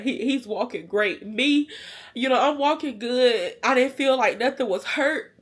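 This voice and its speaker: A woman vlogger telling a personal story to her viewers in a casual, animated, emotional way. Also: high-pitched, normal speed. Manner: animated, colloquial, emotional retelling.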